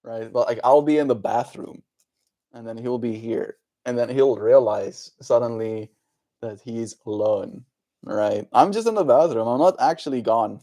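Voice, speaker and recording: A man chatting casually on a livestream, reading viewer comments and speaking to viewers in a gentle, encouraging way. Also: mid-range voice, steady tone, unhurried.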